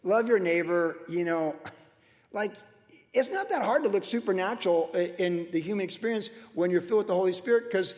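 Sixty-something pastor guy, high voice, loose storytelling sermon, big reverby hall. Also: brisk. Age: 60s. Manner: conversational, storytelling with animated asides and laughs.

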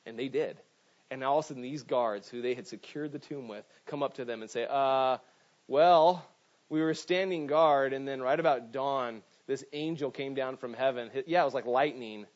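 In a mid-range voice at normal speed, a male pastor gives a conversational sermon. He keeps restarting, repeating words, and asking "right?", all on a dull, lo-fi recording.

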